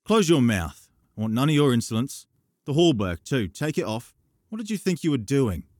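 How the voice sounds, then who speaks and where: A stern young knight in an audiobook scolds loudly, as a man reads him. The voice sits above the reader's natural low register. The recording is dry and close. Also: big pitch swings, normal speed, no echo.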